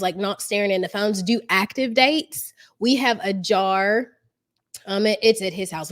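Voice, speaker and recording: A middle-aged woman talks through advice on a live question-and-answer stream. Her pitch sits in the middle range. She speaks in a casual, chatty way, filling pauses with ums and correcting herself mid-sentence. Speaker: life coach hosting a live Q&A.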